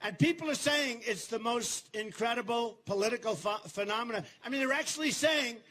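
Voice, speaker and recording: An older man giving a campaign rally speech in a large venue, boastful and repetitive, turning to the crowd with asides and shouted slogans. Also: extremely high pitch, brisk. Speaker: political candidate.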